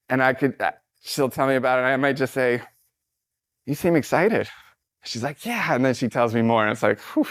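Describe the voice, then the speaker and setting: With a creaky, medium-pitched voice, a middle-aged man gives a casual motivational talk on stage to a live audience. He sounds relaxed and encouraging, leans on frequent fillers, and is captured in a dry recording with clean studio sound.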